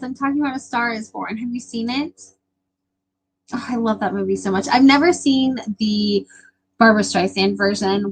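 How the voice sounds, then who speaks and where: A woman's voice: mid-range voice, husky, low-quality recording. A young woman hosting a casual live stream, chatting with viewers in a gushing, emotional way with lots of fillers.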